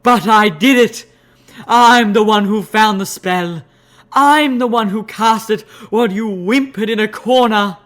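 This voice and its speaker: A man voicing a possessive female alicorn pony, speaking in a shrill, intense voice. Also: a little slow, a bit bright. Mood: boastful. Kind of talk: audiobook character voice.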